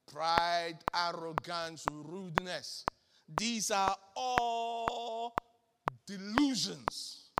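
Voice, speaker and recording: A high-pitched man preaches with insistent repetition, putting questions straight to the congregation. His voice rings with long reverb, as if in a large hall. Heavy noise sits under it throughout. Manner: emphatic, repeats phrases for effect. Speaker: bishop preaching. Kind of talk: sermon.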